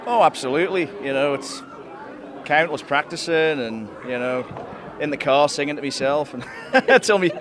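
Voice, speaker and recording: Hoarse young man, halting, in a crowd. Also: fairly high pitch, animated. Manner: halting, modest, many restarts. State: losing his voice. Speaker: young farmers club performer. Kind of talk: casual chat.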